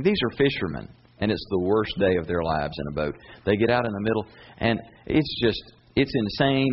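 Male preacher, sermon, animated storytelling, high bursts and low asides, dull lo-fi sound, faint hiss.

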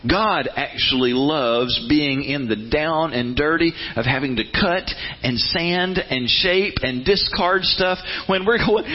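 A man's voice: on the high side, slow, few pauses, highs cut off. A man preaching a sermon in a folksy, storytelling way, acting out the voices of God and of churchgoers.

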